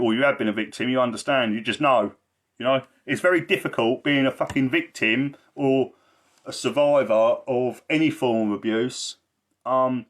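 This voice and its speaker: A man talking in a blunt, rambling way on a casual livestream, swearing a lot and repeating himself for emphasis. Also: mid-range voice. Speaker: livestreamer and social care campaigner.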